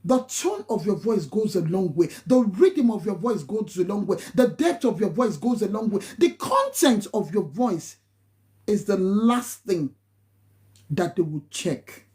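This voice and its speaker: A woman's voice: medium pitch, very animated, measured pace, warm tone. A Nigerian-accented woman, a nurse, giving casual live-stream advice in an emphatic, preachy way, repeating phrases for stress and slipping into pidgin. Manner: slips into pidgin and Yoruba phrases.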